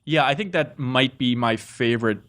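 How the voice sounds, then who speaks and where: A man's voice: mid-range voice, normal speed, a bit bright. A man hosting a casual gaming podcast, reading listener mail and chatting about a game. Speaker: podcast host. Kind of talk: casual chat.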